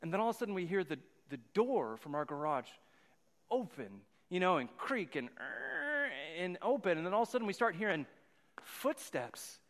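Man, pastor, high voice, rambling storyteller, echoing church hall. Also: very animated, moderate pace, fairly bright tone. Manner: rambling storyteller, repeats words. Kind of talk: sermon with personal story. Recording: long hall reverb.

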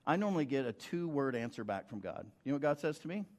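Speaking fast and with great animation, a middle-aged pastor from the United States delivers a sermon conversationally in a mid-range voice. He frequently poses rhetorical questions to the congregation.

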